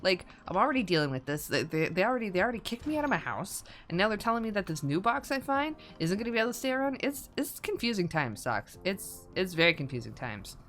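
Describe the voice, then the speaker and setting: A woman's voice: mid-range voice, very animated, fast, hardly any pauses, a bit bright, faint music behind. Woman voicing a grumpy, sweary house cat. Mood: bewildered. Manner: rambling, complaining, sweary. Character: grumpy, bewildered pet cat, foul-mouthed. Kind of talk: comic monologue in character.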